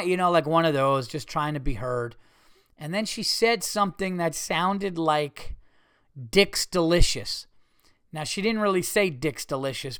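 Comedian guy on his podcast, slightly high voice, swears a lot, gets loud doing the quotes. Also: clean tone, no room sound, clean studio sound. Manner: animated, profane, acts out quotes in a raised voice. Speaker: podcast host; stand-up comedian. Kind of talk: casual storytelling monologue.

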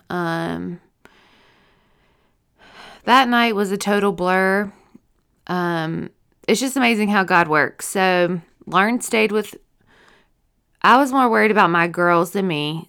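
A young woman gives a halting personal testimony, her lowish voice smooth and resonant even as she breaks off and restarts. She sounds teary and worn out, yawning between thoughts. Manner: emotional, halting, with many fillers and restarts. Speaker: stroke survivor sharing her story.

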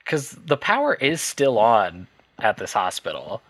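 A man with a fairly low voice chats loosely about a film on a podcast. He stumbles through his thoughts and laughs a lot. The sound is dry and close to the mic. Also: wildly swooping pitch, measured pace, fairly bright tone, no echo. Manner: rambling, hesitant, laughs often. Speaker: podcast co-host. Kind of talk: casual movie chat.

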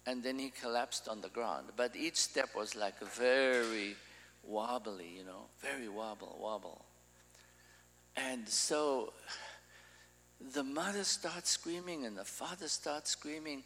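A man's voice: medium pitch, slow pace, fairly bright tone, big-room sound, low-quality recording. A man preaching an informal sermon, talking in a loose, conversational way and often restarting his sentences.

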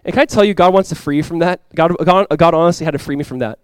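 Preaching fast, a young pastor with a slightly high voice keeps his sermon casual and full of "like," moving between hushed, sincere passages and loud, excited bursts. The close-miked audio is dry and smooth, with no echo.

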